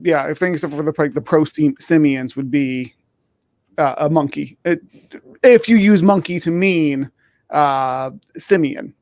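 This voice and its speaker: Higher-voiced man, dry close mic. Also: unhurried, darkish tone, dry recording. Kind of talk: casual chat.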